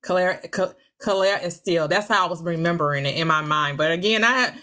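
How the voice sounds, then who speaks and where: A woman in her forties hosting a casual livestream, laughing often as she answers viewer comments and tries out halting schoolbook French. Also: lowish voice, pushed and bright. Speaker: livestream host. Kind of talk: casual live chat reading viewer comments.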